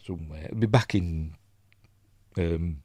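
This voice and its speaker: A middle-aged man from Yorkshire, England, offers casual live commentary on a film, rambling with many fillers and restarts. His voice is low and a little mellow, he speaks a little slowly, and there is no room sound.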